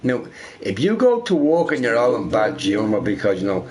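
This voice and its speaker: A young man rambling casually while streaming a game, swearing freely and telling stories in an animated way. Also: on the low side, normal speed, a little hiss or hum. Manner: profane, rambling, animated storytelling. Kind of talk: casual rambling chat over gameplay.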